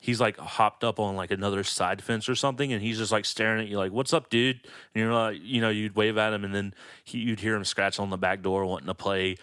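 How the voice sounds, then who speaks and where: A man in his thirties co-hosting a podcast, telling stories in a relaxed way with lots of fillers. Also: fairly low pitch, quick pace, hardly any pauses, clean tone, dry recording, clean studio sound. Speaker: podcast co-host. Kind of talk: casual chat.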